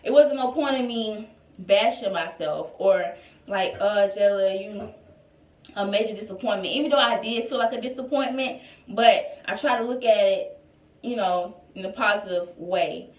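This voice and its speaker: A young woman chats through a personal story for her vlog, loose and conversational, peppering it with "like" and "y'all". Her mid-pitched voice sits a little away from the mic, and the room around her echoes. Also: moderate pace, distant mic. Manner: chatty, lots of "like" and "y'all". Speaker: vlogger. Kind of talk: casual storytime.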